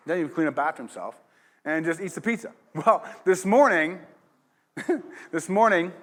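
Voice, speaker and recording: A pastor preaching in church has a fairly high, fairly bright voice. His sermon drifts into a meandering personal story told casually and conversationally, with him laughing along throughout.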